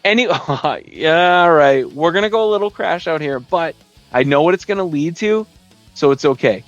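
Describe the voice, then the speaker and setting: A man with a fairly high, lively voice hosts a podcast at a moderate pace from a basement gaming room in his home, delivering a casual, profane comedic rant and impersonating his friends in put-on voices. Faint music plays behind lo-fi sound.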